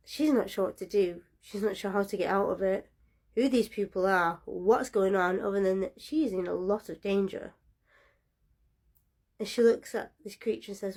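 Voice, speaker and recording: A woman storyteller narrating a spooky tale in a hushed, dramatic way. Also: mid-range voice.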